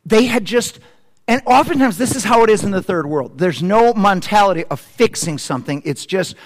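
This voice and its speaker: High-voiced man preaching with sweeping energy. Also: moderate pace, in a large hall. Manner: animated preaching that swings from loud to hushed. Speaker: pastor. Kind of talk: sermon.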